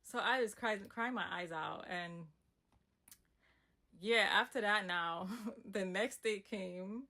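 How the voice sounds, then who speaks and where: A young woman telling a personal story in a casual, emphatic storytime monologue with asides. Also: mid-range voice. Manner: animated, emphatic retelling with asides.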